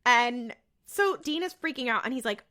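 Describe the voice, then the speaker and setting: A woman co-hosting a podcast, casually recapping a TV episode in an animated way and acting out the characters' lines. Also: fairly high pitch, moderate pace. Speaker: podcast co-host.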